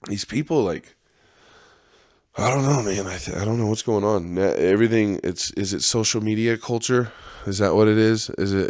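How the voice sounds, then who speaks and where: A man's voice: on the low side, no room sound, studio quality. A man hosting a podcast, talking in a rambling, profane monologue and laughing often. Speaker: podcast host.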